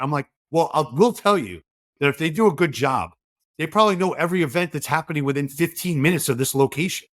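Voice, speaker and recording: Animated man telling stories, dry sound. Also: fairly high pitch, quick pace, no echo. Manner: animated storyteller, acts out quoted dialogue. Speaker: guest. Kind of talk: conversational podcast interview.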